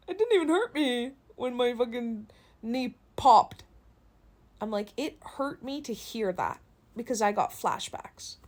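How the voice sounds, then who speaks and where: A young woman talks straight into her phone in a casual vlog, venting with plenty of swearing. She tells stories with animated energy and breaks into laughter. Her voice sits in a middle pitch range. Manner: profane, animated storytelling with laughs. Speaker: content creator.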